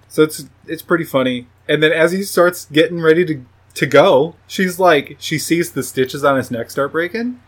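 A man's voice: on the high side, moderate pace, breathy edge. A man giving a casual, rambling, profane recap of a movie plot, often laughing at his own jokes. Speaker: movie reviewer.

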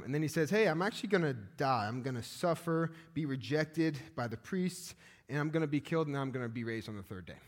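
A male pastor, preaching a sermon in a conversational way, with fillers and restarts. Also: mid-range voice. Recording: long reverb of a church hall.

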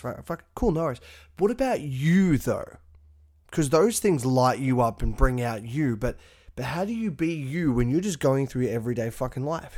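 A young man hosting a motivational podcast, talking in a profane, punchy, animated way. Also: medium pitch. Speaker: podcast host.

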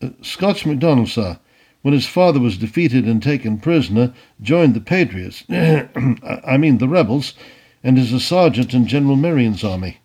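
A man's voice: medium pitch, animated, moderate pace, darkish tone, husky, low-quality recording. A man voicing a hesitant, deferential army orderly in an audiobook. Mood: nervous. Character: nervous young army orderly.

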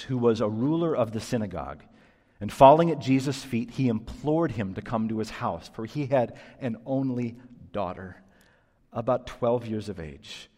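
A man pastor preaching a sermon who tells stories in an animated, emphatic way. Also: medium pitch. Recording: long church reverb.

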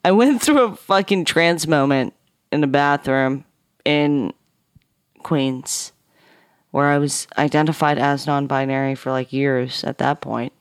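A woman guest telling a personal story on a podcast, animated and profane, acting out the people in it. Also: low voice, unhurried, smooth, no room sound, studio quality. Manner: animated, swears a lot, acts out dialogue. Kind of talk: casual storytelling.

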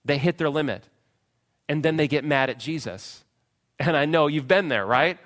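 A man preaching a sermon, retelling a story with dramatic swings from loud pleading cries to hushed, quiet phrases. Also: a little high, normal speed. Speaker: pastor.

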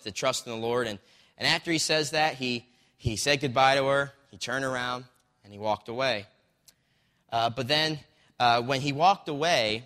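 A man with a bright, forceful voice tells a story as part of a sermon. He talks loosely and conversationally, stopping for fillers and restarts, now and then reading a line from a book. His voice rings with the long reverb of a large hall. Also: mid-range voice.

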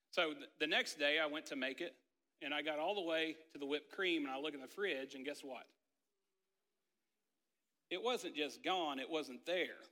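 Bright-voiced pastor in an echoing hall. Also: male voice, fairly high pitch. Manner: casual, storytelling, lots of "like" and "right?". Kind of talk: conversational sermon with personal story. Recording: long hall reverb.

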